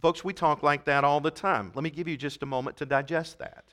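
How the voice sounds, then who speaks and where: A man's voice: fairly high pitch, steady tone, brisk, sharp tone. A man preaching a sermon in church, emphatic, reading scripture aloud and playing with wordplay. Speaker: pastor.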